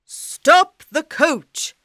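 A woman's voice: mid-range voice, animated, drawn-out words, a bit bright, no echo, studio quality. A woman voicing a kind, polite king in a storybook, formal and gracious. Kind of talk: storybook reading.

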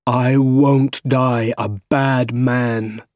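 A man voicing a troubled middle-aged scientist in a storybook reading, speaking very slowly and heavily. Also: a little high, a little mellow, dry recording, studio quality. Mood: grave. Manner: very slow, heavy, deliberate delivery. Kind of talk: storybook character voice.

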